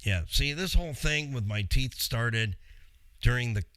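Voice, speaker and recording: A man's voice: mid-range voice, animated, measured pace, fairly bright tone, dry recording. A man who used to be an auto technician tells a story in a casual vlog, acting out both sides of the conversations.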